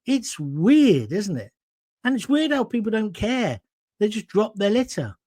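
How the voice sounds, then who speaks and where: Brief: blunt, rambling middle-aged male host from Coventry, higher voice, very dry close sound. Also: sing-song, unhurried, a little mellow, dry recording. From Coventry, England. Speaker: online show host. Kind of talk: opinionated monologue reading viewer comments.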